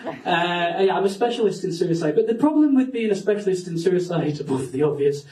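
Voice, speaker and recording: A man's voice: high voice, expressive, a little fast, a little mellow, distant mic. A Scottish man doing a stand-up set on a comedy club stage, rambling, self-mocking and sweary. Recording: roomy club sound from off-mic.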